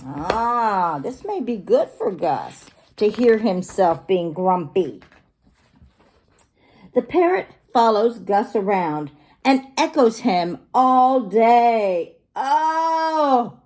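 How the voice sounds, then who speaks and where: Animated woman reading to children. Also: medium pitch, takes it slowly. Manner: animated, asks the children questions. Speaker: teacher. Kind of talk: reading a picture book to children.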